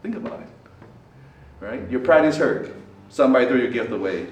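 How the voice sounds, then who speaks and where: This priest talks briskly but pauses often as he speaks to students in a student center meeting hall. Lively and dramatic, he shifts sharply in pitch and volume, keeps asking his listeners questions, and ends points with "right?" The mic sits at a distance, catching roomy echo and slight background noise.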